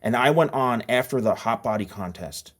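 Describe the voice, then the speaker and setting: A middle-aged man from New Jersey telling club stories as a podcast host, animated and acting out voices in his anecdotes. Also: mid-range voice, normal speed. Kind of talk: casual storytelling chat.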